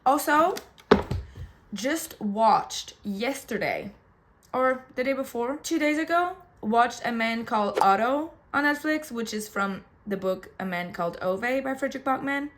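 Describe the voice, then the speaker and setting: A woman's voice: fairly high pitch, expressive, a little slow, fairly bright tone. A young woman booktuber chatting casually, rambling and gushing emotionally about books and a film. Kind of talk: casual chat. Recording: faint background noise.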